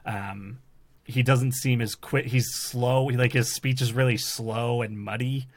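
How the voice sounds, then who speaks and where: A man's voice: medium pitch, steady tone, unhurried. A man hosting a podcast, breaking down a TV show in a casual, rambling way with lots of restarts. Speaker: podcast host. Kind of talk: casual chat.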